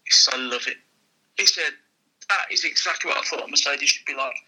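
Bright husky-voiced man telling stories. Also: fairly high pitch, fairly quick, low-quality recording. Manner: lively, acts out the people in his stories. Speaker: used car dealer, guest. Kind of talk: casual storytelling anecdote.

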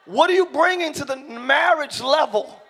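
A middle-aged man preaching a sermon in a church, shouting key lines and slowing down for emphasis while joking with the congregation. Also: extremely high pitch. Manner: joking, talks directly to the congregation. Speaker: pastor. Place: church sanctuary.

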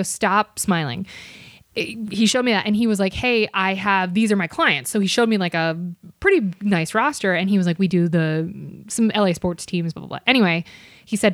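A woman telling bartending stories as a guest in a casual podcast chat, animated, with quick asides. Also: medium pitch, no room sound, clean studio sound. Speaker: podcast guest, bartender and comedy club server.

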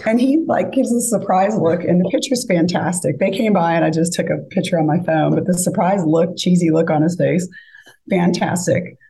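A woman's voice: on the low side, moderate pace, vocal fry, low-quality recording. A woman casually telling a dating story as a podcast guest, acting out the lines of others. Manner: animated, acts out quoted lines.

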